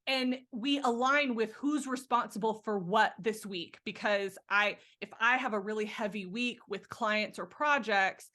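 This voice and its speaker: A woman's voice: medium pitch, unhurried, few pauses, sharp tone. A woman hosting a career podcast, speaking in an enthusiastic, upbeat way. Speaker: podcast host and career coach. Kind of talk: podcast interview.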